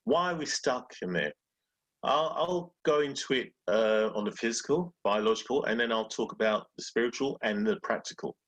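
A man's voice: medium pitch, moderate pace. A man talking casually about beating fear and growing, acting out little inner voices as he goes. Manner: animated, acts out inner voices. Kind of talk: casual motivational talk.

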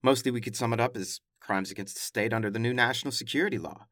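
A man's voice: medium pitch, fast talker, fairly bright tone, dry recording. A male podcast host who runs through world headlines in a casual, emphatic way and adds wry, exasperated asides. His voice sits in the middle register and is recorded dry and close, with no room sound. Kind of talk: casual news commentary.

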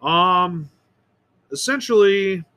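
A man's voice: sits high, lively intonation, drawn-out words, sharp tone, smooth. A man rambling through an opinionated solo monologue as host of his own show, often restarting and repeating words. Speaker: podcast host.

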